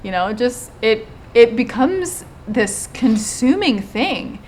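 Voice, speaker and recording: A woman in casual conversation, chatty and animated, describing the retreat she hosts. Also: fairly high pitch, slow, a little hiss or hum. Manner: chatty, animated when quoting others. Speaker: retreat host and channel co-host. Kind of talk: casual chat. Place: lives in Hawaii.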